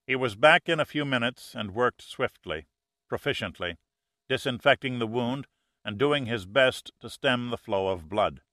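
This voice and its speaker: A man reads an action novel aloud with steady, measured pacing. His voice has a bright, forward tone and sits at a middle pitch. The recording is close and dry. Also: no room sound. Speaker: audiobook narrator. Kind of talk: scripted narration.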